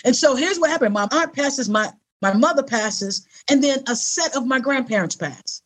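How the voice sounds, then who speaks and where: A woman's voice: sits high, normal speed. A middle-aged woman, an interview guest, telling a personal story in an earnest, conversational way and acting out the voices of people she quotes. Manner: animated, acts out quoted voices.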